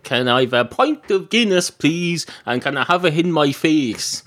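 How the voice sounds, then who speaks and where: A man's voice: a little high, animated, normal speed, a bit bright, voice pushed up. An Irish man voicing a cheerful, polite talking face ordering at a bar.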